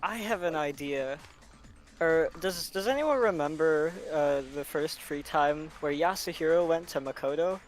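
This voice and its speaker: A man in a voice chat game eagerly pitching a theory, halting and restarting as he thinks. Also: soft background music. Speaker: game player. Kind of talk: casual voice chat.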